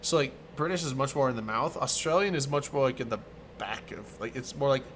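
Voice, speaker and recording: A man's voice: mid-range voice, fairly quick, a bit bright, slight background noise. A man in casual chat, hesitant and swearing casually.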